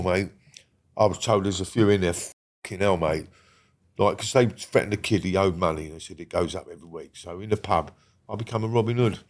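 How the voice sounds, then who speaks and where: A British interview guest with a lowish voice recounts his criminal past in casual storytelling conversation. He rambles bluntly, swears freely, and checks in with the listener as he goes.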